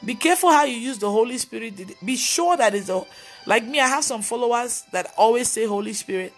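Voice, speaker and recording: A woman's voice: a little high, brisk, faint music behind. A woman pastor preaching on a live video, telling stories and scolding with emphatic exclamations. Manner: animated storytelling, mimicking others' voices.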